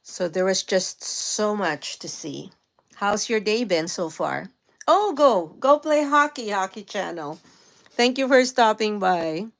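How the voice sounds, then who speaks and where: A woman's voice: mid-range voice, takes it slowly, creaky. Chatty Filipino-accented woman streaming live. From Philippines. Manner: chatty, greeting viewers and reading out chat comments. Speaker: livestream host. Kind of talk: casual live-stream chat. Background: faint guitar music.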